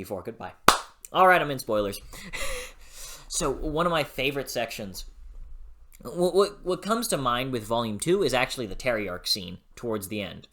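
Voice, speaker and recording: Bright, excitable book reviewer. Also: mid-range voice. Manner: excitable, gushing, swears freely; laughs often. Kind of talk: casual video review.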